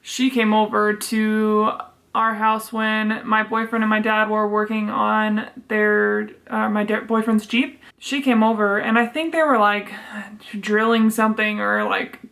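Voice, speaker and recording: A woman's voice: medium pitch, level tone, a little slow, creaky, a bit bright. A young woman telling a storytime vlog in a chatty, exasperated way, swearing freely. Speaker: vlogger.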